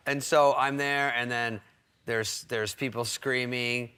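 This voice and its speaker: A man's voice: mid-range voice, slow pace, clear, resonant tone. A man telling comic stories as a talk show guest, acting out the voices of people in them. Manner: animated, acts out quoted voices. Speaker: guest comedian.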